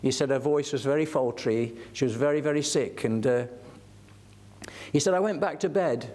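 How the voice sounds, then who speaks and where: A man's voice: medium pitch, normal speed, a little mellow. An older man preaching a sermon, telling stories earnestly and building to fervent emphasis.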